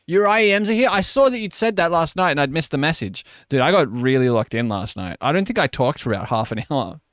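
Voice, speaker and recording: A man's voice: on the high side, big pitch swings, quick pace, a bit bright, no room sound. A man casually chatting while live-streaming, sick with influenza and coughing, joking and teasing as he talks.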